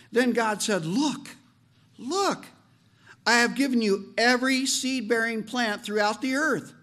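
Lively, high-pitched male preacher. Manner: animated, joking asides, slow emphatic phrases. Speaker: pastor. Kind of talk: sermon.

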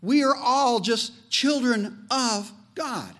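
A man preaching a sermon as pastor, animated and joking, leaning on slow emphatic phrases. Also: very high-pitched.

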